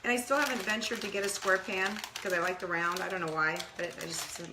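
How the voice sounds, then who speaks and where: A woman's voice: mid-range voice, fairly even intonation, fast talker, roomy sound, noisy background. A middle-aged woman co-hosting a casual cooking vlog, chatty and giggly, sometimes talking with her mouth full. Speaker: co-host. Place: home kitchen.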